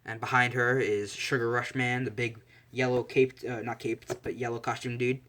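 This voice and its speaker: A man's voice: medium pitch, little pitch movement, normal speed, a bit bright. A man narrating a fan story casually, rambling and correcting himself with fillers.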